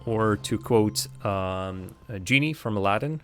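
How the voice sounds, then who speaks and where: A man's voice: lowish voice, a little slow, hardly any pauses, clean tone, soft background music. A man giving casual, rambling commentary while streaming a game live, chatting with viewers and laughing often.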